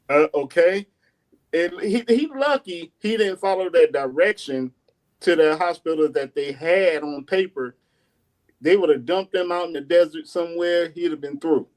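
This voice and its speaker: Guest artist, man, high voice, rambling and laid-back. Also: animated, unhurried. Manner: rambling, many fillers and restarts, chuckles. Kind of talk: casual storytelling.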